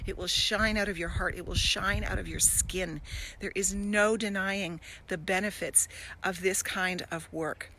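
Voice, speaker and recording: A woman's voice: medium pitch, fairly even intonation, measured pace, bright, forceful tone, low-quality recording. A middle-aged woman hosting a casual live stream from her garden, talking to viewers in a gushing, emotional, encouraging way. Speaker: wellness host.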